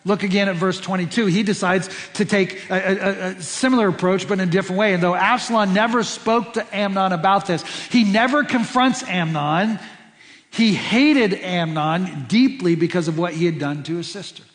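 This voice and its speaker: Pastor guy preaching, high voice, keeps repeating words for emphasis, big echoey church. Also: normal speed, a bit bright. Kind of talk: sermon. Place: church sanctuary.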